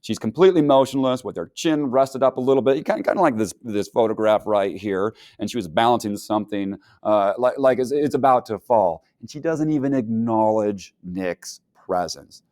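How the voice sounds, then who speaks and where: A man teaching a casual book review lesson, animated and acting out characters' lines. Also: on the low side, moderate pace, hardly any pauses, no room sound, studio quality.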